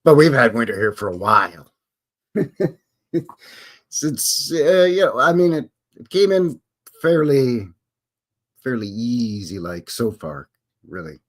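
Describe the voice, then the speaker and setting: A man's voice: medium pitch, big pitch swings, slow, long pauses. A Canadian man hosting a casual live stream, rambling and joking as he greets viewers by name. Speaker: livestream host.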